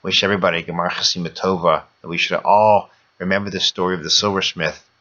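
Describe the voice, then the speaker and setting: Deep-voiced man giving a holiday sermon. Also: steady tone, fast, bright, forceful tone, dull audio. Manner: storytelling, repeats phrases for emphasis. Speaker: religious speaker.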